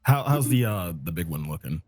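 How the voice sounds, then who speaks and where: A man's voice: deep voice, big pitch swings, fairly quick, darkish tone, slightly rough, no room sound, faint music behind. A man playing a tabletop game, talking bluntly and swearing casually. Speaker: player.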